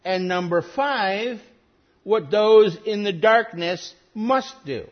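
A man preaching an expository sermon, deliberate and emphatic, dwelling on single words and grammar. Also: high-pitched. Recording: dull lo-fi sermon recording.

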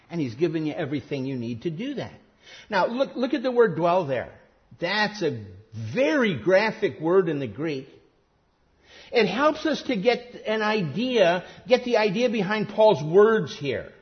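A man preaching a sermon emphatically, rising to stress key words and then dropping low and quiet. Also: dull audio.

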